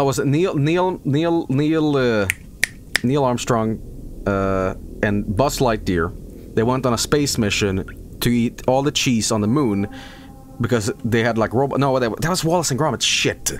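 A man streaming a game, chatting casually as he plays, rambling and joking, swearing often. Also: medium pitch. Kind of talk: casual live-stream commentary.

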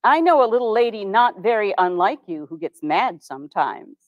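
Brief: woman doing a gentle, teasing older 1860s president, lowered and soft. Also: lively intonation, moderate pace, no room sound, muffled recording, natural voice. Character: kindly wry 1860s male president, older.

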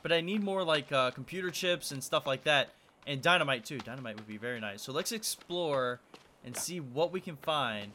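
A man's voice: on the high side, expressive, moderate pace, pushed and bright, slight background noise. A young man hosting a let's-play video, nervously talking to himself as he plays. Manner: nervous, talks to himself while playing. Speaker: gaming video host.

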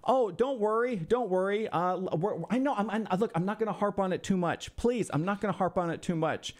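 This man's voice sits high and runs a little fast as he streams a sarcastic, profane takedown of a viewer's game roster. Exasperated, he snaps back at hecklers who exist only in his head, in classic mock-insulting livestream commentary.

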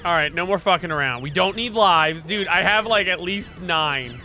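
Young gamer dude narrating his playthrough, cussing a ton, high bright voice. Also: moderate pace, soft background music. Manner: excitable, swears a lot, yells at the game. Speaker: gaming streamer. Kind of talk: let's play commentary.

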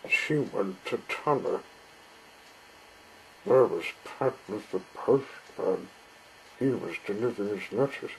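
Male storyteller, slow, lowish voice, children's story reading, faint hiss. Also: low-quality recording.

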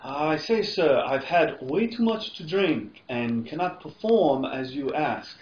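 A man playing a calm, overly polite martial artist. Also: fairly high pitch, slow, reverberant, dull audio, slight background noise. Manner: formal, stiff politeness.

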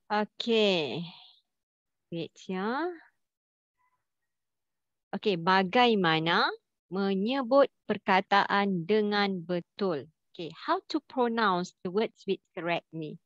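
A woman's voice: mid-range voice, slow pace, pauses often, no echo. A woman teaching a language class online, patiently repeating questions and spelling out syllables. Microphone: video call. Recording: dull lo-fi call audio.

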